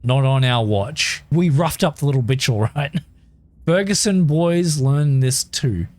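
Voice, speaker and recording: A man's voice: medium pitch, unhurried, a little mellow, no echo, lightly acted. A man reading out a tough twelve-year-old street urchin. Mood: taunting. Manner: plainly reading game dialogue aloud.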